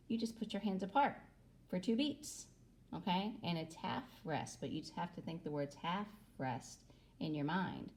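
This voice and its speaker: A woman's voice: on the low side, expressive, normal speed, a little mellow. A woman music teacher gives a recorder lesson to children, patiently adding "okay?" after nearly every phrase.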